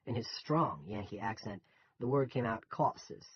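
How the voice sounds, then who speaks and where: A man's voice: fairly low pitch, normal speed, breathy edge. Man narrating an audiobook, dull sound. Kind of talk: scripted narration.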